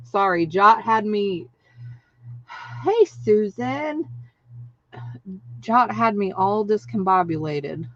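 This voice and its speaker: Woman livestream host, slow and chatty, excitable, dull dry lo-fi recording. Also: mid-range voice, no room sound. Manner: chatty, excitable, laughs often, reads out viewer names. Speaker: craft channel host. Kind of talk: casual livestream chat.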